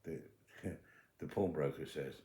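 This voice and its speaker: A man's voice: a bass voice, unhurried, dark tone. An older British man with an English accent, a retired detective telling his own case as spoken true-crime storytelling, acting out both sides of remembered conversations. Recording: roomy echo.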